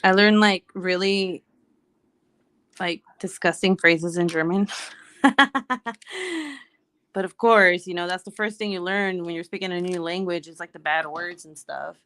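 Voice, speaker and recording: Chatty laughing mom, dry close sound. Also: female voice, fairly low pitch, steady tone, measured pace, long pauses, fairly bright tone, smooth, dry recording. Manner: chatty, laughs often, sings to herself. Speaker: vlogger. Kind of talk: casual chat while working. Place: her home in Hawaii.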